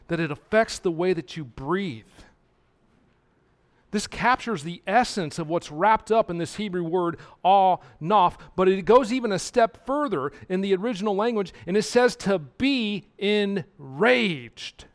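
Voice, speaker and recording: A man preaching a sermon as a pastor. He repeats key words and swings between quiet asides and loud, emphatic lines. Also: high-pitched.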